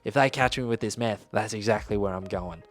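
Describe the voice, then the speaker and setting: A man voicing a shady, pushy middle-aged father speaking in a low, hushed, urgent way. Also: brisk, soft background music, natural voice.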